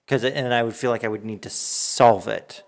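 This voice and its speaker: A man hosting a casual podcast chat, talking in a halting way and often restarting his sentences. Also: mid-range voice. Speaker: podcast host.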